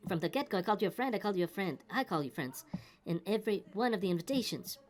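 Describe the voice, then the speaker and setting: A woman with a mid-pitched voice, co-hosting a heated ministry talk. She speaks in a pointed, reproachful way. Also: expressive, very fast, a little mellow.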